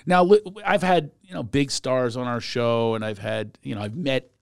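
This is an older man hosting a comedy podcast, with a chatty, joking delivery and frequent laughter. His voice sits at a middle pitch. The recording is dry and close. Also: moderate pace, gravelly, clean tone, dry recording. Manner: chatty, jokey, laughs often. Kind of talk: casual chat.

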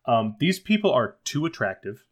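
A man's voice: medium pitch, sing-song, moderate pace. A man co-hosting a podcast in casual chat, making wry, joking comments about a film. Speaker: podcast co-host.

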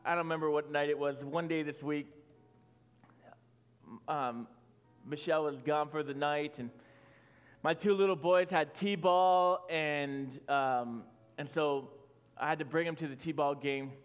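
A man in his thirties preaches a sermon with a fairly high voice, chatty and full of fillers. He rises to loud, pressing lines and then drops to near-whispered prayer. Soft music plays under him, and his voice rings through a big reverberant hall. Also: steady tone, measured pace, long pauses, clear, resonant tone. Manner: conversational storytelling with fillers, swelling loud then dropping soft. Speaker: pastor.

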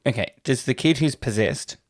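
A man co-hosting a casual podcast who cuts in with quick, teasing jokes and blunt swearing. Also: mid-range voice, expressive. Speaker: podcast co-host. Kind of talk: casual film-review chat.

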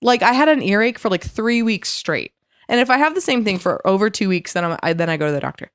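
A sick, congested woman rants bluntly on a podcast, jumping into loud acted-out quotes. Her voice sits mid-pitch, and the recording is close and dry. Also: animated, fast talker, no echo. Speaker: podcast co-host. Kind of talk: casual chat.

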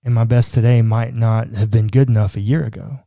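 A man's voice: mid-range voice, fairly even intonation, brisk, gravelly, mellow, dry recording. A man, a pastor, talking earnestly in a podcast discussion, with a casual, conversational manner. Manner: earnest, conversational, says "like" often.

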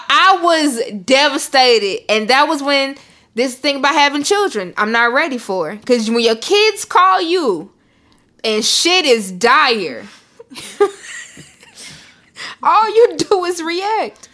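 A young woman co-hosting a podcast, telling stories in a profane, animated way and breaking into shouted outbursts. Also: high-pitched, slow pace. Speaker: podcast co-host. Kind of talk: casual chat.

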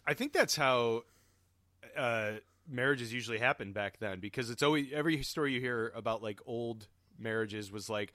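A man chatting casually about a film, chatty and quick to laugh. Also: medium pitch, pushed and bright.

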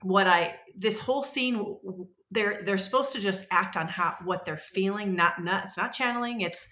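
A woman in her forties, a podcast guest telling stories in a rambling, animated way and acting out the voices she quotes. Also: mid-range voice, normal speed, roomy sound. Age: 40s. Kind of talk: casual conversational storytelling.

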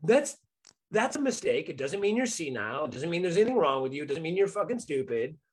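A man in casual political chat, animated and mocking, swearing freely as he talks. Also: fairly high pitch, fast, breathy edge, low-quality recording.

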